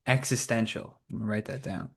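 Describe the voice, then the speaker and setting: A man hosting a podcast interview, quick to laugh and chiming in with short agreements. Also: fairly low pitch, fairly even intonation, a bit bright, breathy edge. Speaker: podcast host. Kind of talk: casual interview chat.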